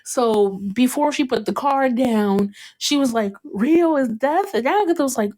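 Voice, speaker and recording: A young woman hosting a casual podcast, recapping an episode and acting out what the characters said with sudden jumps in pitch and frequent laughter. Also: moderate pace. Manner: animated, acts out quotes in a jumped-up pitch, laughs often. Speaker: podcast host.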